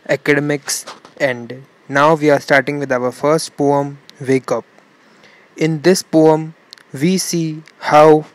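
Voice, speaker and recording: A man's voice: fairly high pitch, dry recording. A young man with an Indian English accent, an English teacher explaining a children's poem and repeating each point simply for young pupils.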